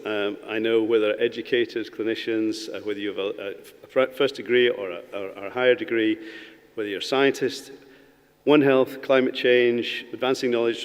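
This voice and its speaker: Lowish-voiced guy giving a rambly, self-deprecating grad speech, big hall echo. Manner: warm, self-deprecating, rambling with fillers and restarts. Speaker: college leader giving graduation speech. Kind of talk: ceremonial speech with anecdote. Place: large hall. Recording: long reverb of a big hall.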